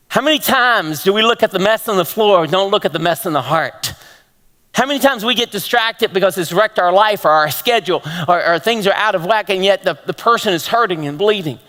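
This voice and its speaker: Male pastor, higher voice, sermon delivery with questions to the congregation, church hall. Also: expressive, a little fast, pushed and bright. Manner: storytelling with repeated questions to the congregation. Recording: long hall reverb.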